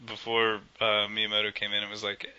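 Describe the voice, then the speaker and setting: A man with a very bright, forceful voice, chatting casually as a podcast co-host. He rambles and jokes, full of fillers and restarts. The audio is dull and lo-fi. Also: fairly low pitch, completely flat delivery, a little fast, smooth. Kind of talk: casual gaming podcast chat.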